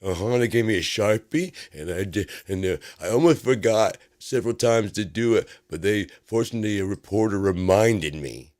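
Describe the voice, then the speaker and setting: A man's voice: lowish voice, expressive, normal speed, hardly any pauses, a little mellow, no echo, studio quality, natural voice. A man putting on a mocking impression of a boastful, childlike older male president who repeats his bragging.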